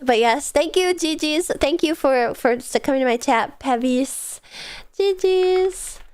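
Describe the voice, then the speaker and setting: A woman's voice: sits high, a little slow. A young woman streamer with a stuffed-up nose from a cold, rambling casually to her chat with lots of fillers and giggles. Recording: soft music behind.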